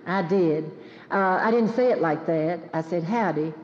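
A woman's voice: lowish voice, unhurried, background noise. A woman, telling folksy, self-mocking stories to an audience and taking questions. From Southern United States. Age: 70s. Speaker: guest speaker taking questions. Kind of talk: storytelling talk to an audience. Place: auditorium with live audience. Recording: lo-fi recording in a reverberant hall.

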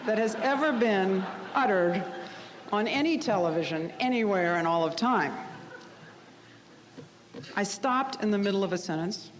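A woman's voice: medium pitch, big-room sound, slight background noise. A middle-aged woman giving a personal speech to graduates, telling her story in a candid, self-deprecating way. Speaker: speaker addressing graduates.

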